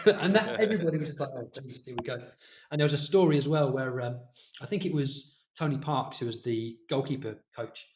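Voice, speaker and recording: A man, a podcast guest telling lively football anecdotes in a chatty way. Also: a little high. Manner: animated anecdotes, quick and chatty. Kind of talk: casual storytelling. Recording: muffled, echoey room.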